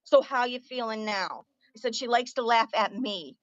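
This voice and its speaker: Angry woman yelling and cussing at her chat on a stream, kinda high voice, muffled dry sound. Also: normal speed, no echo. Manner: furious, profane, confrontational. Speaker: livestreamer. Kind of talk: angry livestream rant.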